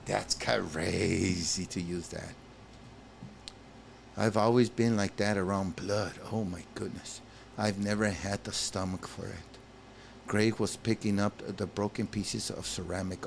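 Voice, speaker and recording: A man's voice: deep voice, fairly even intonation, unhurried, gravelly, a little hiss or hum. A man doing let's play commentary, reading a story game's text aloud and breaking off with exclaimed reactions to his viewers. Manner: talks to viewers as "guys". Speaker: gaming channel host.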